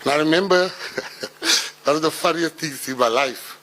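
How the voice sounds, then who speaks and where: A South African man in his forties, telling life stories to an audience in an animated way, building to laughing punchlines. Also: a little high, a little slow, slight background noise, low-quality recording. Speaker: public speaker. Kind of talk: storytelling talk.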